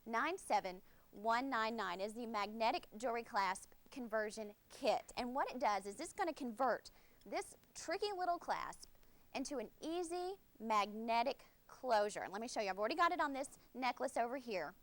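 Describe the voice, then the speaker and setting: A young woman from Alabama, USA, with a Southern accent, speaks as a host candidate and news anchor, demonstrating a product on air. Her high-leaning voice is lively and brisk with hardly any pauses, and her manner is upbeat, earnest, and warmly persuasive.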